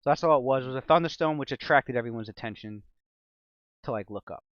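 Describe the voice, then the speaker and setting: A man's voice: mid-range voice, quick pace, clean tone, no echo. Brief: man as game master, dramatic storyteller with a dry, dull mic. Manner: profane, laughs often, mixes loose chat with dramatic description. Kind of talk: tabletop game narration, casual.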